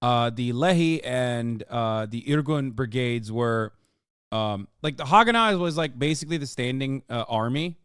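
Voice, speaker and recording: A man's voice: mid-range voice, normal speed, fairly bright tone, clean tone, dry recording, studio quality. A man hosting a live reaction stream, talking in a heated, profane, emphatic way. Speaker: streamer host.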